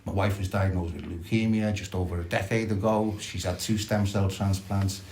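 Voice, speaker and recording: Reflective man, halting and low. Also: steady tone, a little mellow. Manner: reflective, halting, many restarts and fillers. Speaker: speaker sharing at a recovery meeting. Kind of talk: personal sharing at a support meeting.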